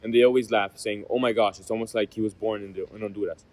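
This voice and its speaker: A man's voice: lowish voice, fairly even intonation, fast, a little mellow, low-quality recording. Young man reading a class presentation. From United States. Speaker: student presenter.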